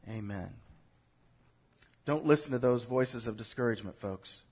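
A man preaching a sermon to a congregation, building from quiet urging to loud exhortation and leading it in call-and-response. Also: medium pitch, moderate pace, pauses often, husky. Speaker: pastor. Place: church in front of a congregation.

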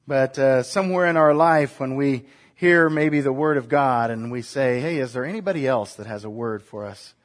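Conversational male preacher, slightly high voice. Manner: conversational, asks the congregation questions. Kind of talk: sermon.

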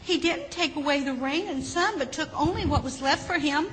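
A woman reading a children's story aloud, gently and expressively. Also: sits high, moderate pace. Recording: hall with faint background noise.

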